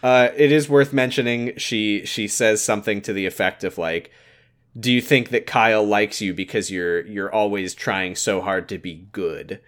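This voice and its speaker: A man co-hosting a casual podcast, recapping a movie in a laid-back, swearing way and reading its lines in flat mocking voices. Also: fairly low pitch, normal speed. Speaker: podcast co-host. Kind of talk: casual chat recapping a film.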